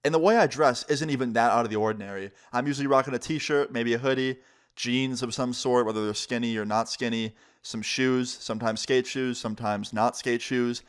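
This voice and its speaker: A young man in his twenties tells a storytime on his vlog, loose and casual, full of "like" and the odd swear word. His voice sits at an average pitch with an easy, conversational flow. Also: steady tone, a little fast, smooth. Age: 20s. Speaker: vlogger.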